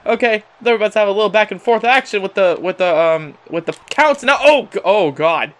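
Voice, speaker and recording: A young man giving excitable play-by-play commentary on a wrestling video game, often laughing and calling out to ladies and gentlemen. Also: sits high, fairly quick, hardly any pauses. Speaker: gameplay commentator.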